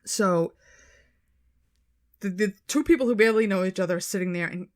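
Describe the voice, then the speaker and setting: Female podcast co-host, casual storyteller, animated, salty language. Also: mid-range voice, brisk. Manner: animated retelling, swearing, quoting people in their voices.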